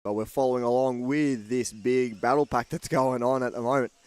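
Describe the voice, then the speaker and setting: Male play-by-play caller, steady and informative, dry mic. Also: medium pitch, brisk, clear, resonant tone, no room sound. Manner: steady, informative lap calls. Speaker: race commentator. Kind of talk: play-by-play race commentary.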